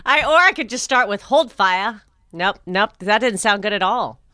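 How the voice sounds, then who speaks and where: A woman's voice: mid-range voice, expressive, moderate pace, sharp tone, dry recording, studio quality. An American woman co-hosting a podcast, chatting casually with a friend and teasing her with lots of laughter. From United States. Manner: giggly, playful teasing. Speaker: podcast co-host. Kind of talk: casual chat.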